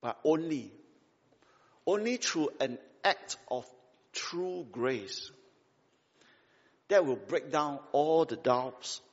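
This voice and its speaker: Preacher in a reverberant hall, emphatic. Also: male voice, fairly high pitch, expressive, slow pace, pauses often, breathy edge. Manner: emphatic, repetitive, rhetorical questions; conversational, tag questions and local fillers. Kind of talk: sermon. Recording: dull sound with long hall reverb.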